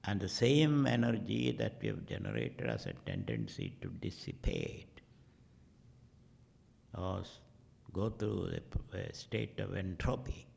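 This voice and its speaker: A middle-aged man leading a guided meditation, speaking in slow, measured phrases that trail off into whispers. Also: deep voice, sing-song, vocal fry, darkish tone. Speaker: meditation teacher.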